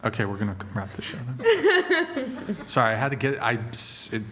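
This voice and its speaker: Swearing, animated male stream host. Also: medium pitch, normal speed, slight background noise. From Italian heritage. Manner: heavy swearing, animated ranting with frequent laughs. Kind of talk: casual live stream rant.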